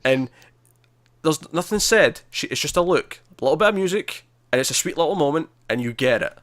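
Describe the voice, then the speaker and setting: A man's voice: fairly high pitch, expressive, a little fast, a bit bright, no room sound, studio quality. A Scottish man co-hosting a podcast, chatting casually about TV episodes in a rambling way, full of fillers and restarts. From Scotland. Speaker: podcast co-host. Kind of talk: casual chat reviewing TV episodes.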